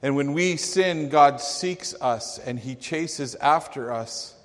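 A man's voice: on the high side, slow, big-room sound. A man preaching a sermon in a storytelling manner.

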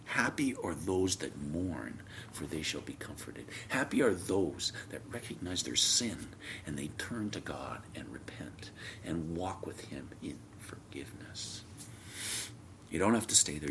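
A man preaching a sermon, telling a homely story, his voice swinging from loud emphasis down to near whispers. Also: extremely low pitch, expressive, measured pace, slight background noise.

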